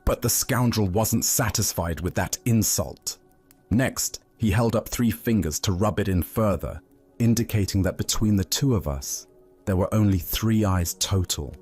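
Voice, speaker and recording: A man voicing an agitated, offended one-eyed monk attendant in a storybook tale, with a low, husky voice. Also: a little mellow.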